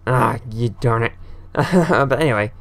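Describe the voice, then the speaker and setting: Here a man with an unhurried, gravelly, mid-range voice gives loose let's-play commentary as he makes a gaming video. He frequently talks straight to the game's characters while he rambles.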